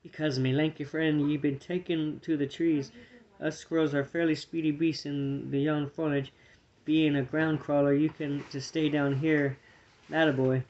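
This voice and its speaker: A man's voice: on the high side, flat delivery, moderate pace, darkish tone, lo-fi sound, close to an everyday voice. A man voicing a small, boastful male squirrel with a broad, cheeky brogue, reading a storybook aloud.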